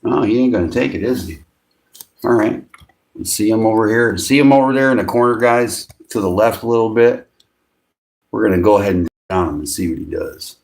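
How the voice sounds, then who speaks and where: A man hosting a casual livestream from his home beside a fish tank. He chuckles often and coos at his pet fish in sudden high bursts. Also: a little fast, gravelly, darkish tone. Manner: chuckles often between remarks. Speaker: fishing channel host.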